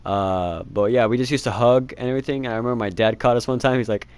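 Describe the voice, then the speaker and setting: A man's voice: medium pitch, quick pace, smooth, no room sound. A teenage boy telling a rambling storytime, laughing and swearing casually. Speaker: vlogger.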